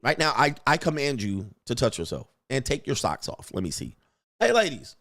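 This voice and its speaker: A male show host rants in a casual livestream, sounding crude, boastful and swaggering. His mid-range voice is very animated, brisk and a bit bright.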